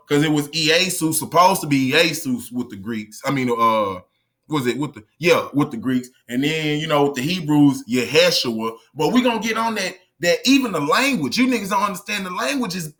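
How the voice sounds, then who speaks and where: High-pitched guy going off on camera, sharp bright voice, confrontational and repetitive. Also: animated, moderate pace. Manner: emphatic, repetitive, confrontational, addresses viewers directly. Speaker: online lecturer. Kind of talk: profane, heated monologue to camera.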